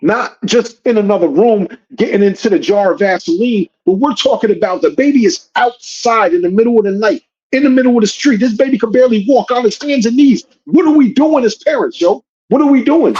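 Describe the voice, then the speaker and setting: Slangy high-voiced man telling a story. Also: fairly quick, few pauses, highs cut off. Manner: slangy and animated, says "yo" and "you know what I'm saying". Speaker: podcast host. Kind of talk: casual storytelling.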